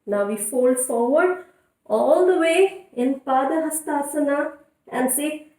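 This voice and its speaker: A woman leading a children's yoga class in a playful, encouraging way, giving clear step-by-step instructions. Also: high voice, takes it slowly, a little mellow. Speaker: kids' yoga teacher. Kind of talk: guided kids' yoga instruction. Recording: echoey room, voice from a distance.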